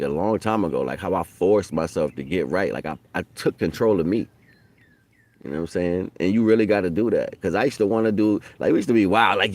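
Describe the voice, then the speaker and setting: Brief: middle-aged man, low-pitched, streetwise, rambling spiritual talk. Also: no room sound. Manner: street slang, loose and profane, rises loud for quoted voices. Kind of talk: casual spoken monologue.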